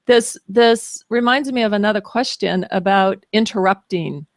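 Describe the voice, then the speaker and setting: A woman's voice: medium pitch, moderate pace, no echo, clean studio sound. A woman host in casual interview chat, reflective and asking questions.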